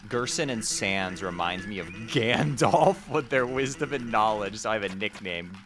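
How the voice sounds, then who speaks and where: A young man streaming a game, chatting casually, laughing and swearing excitably. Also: lowish voice, moderate pace. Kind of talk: casual live-stream chat while gaming.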